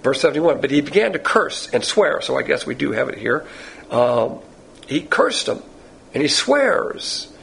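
A man's voice: medium pitch, expressive, moderate pace, creaky, fairly bright tone, a little hiss or hum, rough recording. A man teaching verse by verse through a Bible passage to a class, in a folksy, digressive and conversational way. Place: Bible class with listeners present.

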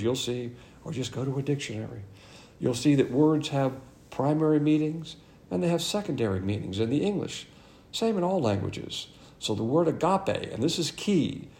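Gravelly man teaching a blunt sermon. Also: mid-range voice, a little mellow. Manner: emphatic, blunt and conversational, with quick asides. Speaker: Bible teacher.

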